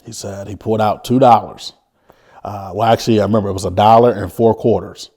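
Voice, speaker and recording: A man telling his own life story as an interview guest, earnest and halting, often restarting his sentences. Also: on the low side, steady tone, darkish tone. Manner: vivid retelling.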